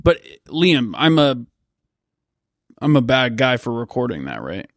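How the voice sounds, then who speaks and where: A man co-hosting a podcast, recounting a bad ride in an animated, incredulous way. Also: mid-range voice, unhurried, no echo, clean studio sound. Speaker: podcast co-host. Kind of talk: casual storytelling chat.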